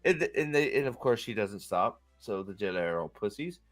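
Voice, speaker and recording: A man's voice: on the low side, animated, a little fast, faint music behind. A man hosting casual reaction commentary on video clips, rambling and joking crudely. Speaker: host.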